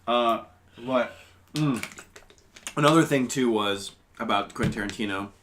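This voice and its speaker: A man hosting a movie podcast in casual chat, excitable, laughing and swearing often. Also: medium pitch, a little slow, a little hiss or hum. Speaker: podcast host.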